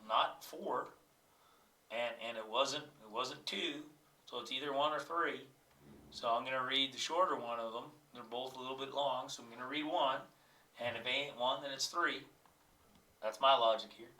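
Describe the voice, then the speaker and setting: A man's voice: medium pitch, pushed and bright, reverberant, recorded from a distance. A man with a cold, a teacher thinking aloud as he works through exam questions and reads passages aloud. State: has a cold.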